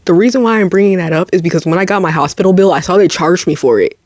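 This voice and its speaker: A young adult woman vlogging, telling a personal story in a dramatic, animated way with quick asides and laughs. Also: lowish voice. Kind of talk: casual storytelling to camera.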